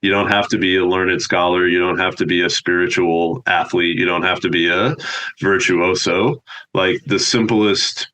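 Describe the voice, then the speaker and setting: Man, very low voice with a bright, forceful edge, earnest theologian guest on a podcast. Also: fairly even intonation, moderate pace, poor audio. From United States. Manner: thoughtful, earnest explaining. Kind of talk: reflective podcast conversation.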